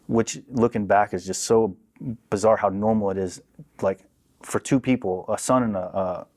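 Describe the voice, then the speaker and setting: Low-voiced man telling a story as a podcast guest. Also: moderate pace. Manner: animated, acts out quoted people. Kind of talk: casual storytelling. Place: podcast studio.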